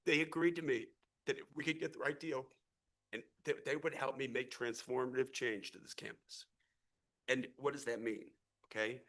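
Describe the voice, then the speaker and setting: His voice mid-range and fairly bright with little pitch movement at normal speed, a middle-aged St. Louis-area native speaks as a real estate investor at a city council meeting. The speech is impassioned yet rambling, earnest, with repeated and restarted words.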